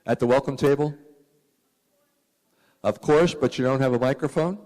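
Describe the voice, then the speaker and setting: A man's voice: medium pitch, normal speed. A man giving casual announcements to a community meeting, chatty with small fillers. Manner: relaxed, chatty, with frequent uh fillers. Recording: echoey community hall.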